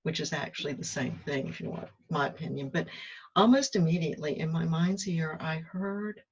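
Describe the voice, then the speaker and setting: Her voice is deep with a breathy edge, moving at a moderate pace. This woman, a spiritual self-help host, muses openly in a relaxed monologue, making herself the butt of jokes and performing her inner dialogue, heard through muffled lo-fi audio.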